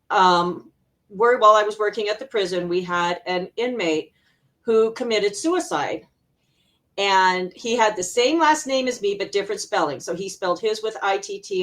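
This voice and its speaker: A middle-aged woman from Arizona, an intuitive healer guesting on an interview show, telling a personal story in an animated way, laughing often and acting out remembered voices. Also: medium pitch, normal speed. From Arizona, USA.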